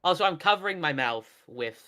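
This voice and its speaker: A man's voice: fairly high pitch, expressive, a little fast, pushed and bright, clear, resonant tone. A man playing in a live tabletop game, chatting with the group in an eager, casual way. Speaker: player.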